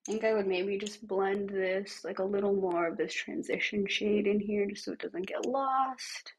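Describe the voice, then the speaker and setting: A woman livestreamer with a raspy, smoker-like voice and a lingering cough, chatting casually through a makeup tutorial and narrating each step as she works, sometimes dropping to a near-whisper. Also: medium pitch, fairly even intonation, normal speed. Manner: chatty, thinks aloud while working, drops to near-whispers.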